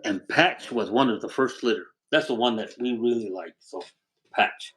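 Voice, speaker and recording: An older man from Arizona, his medium-pitched voice husky and his pace moderate, hosts a casual livestream from home beside a wood stove, though the audio is poor. He names and thanks his viewers and tells warm, rambling stories.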